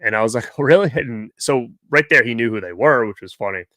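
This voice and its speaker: A man's voice: mid-range voice, fairly quick, sharp tone, no echo, clean studio sound. A man hosting a live stream, casually telling a rambling story and quoting the people he met. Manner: rambling, chatty, quotes people in his stories. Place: home movie room.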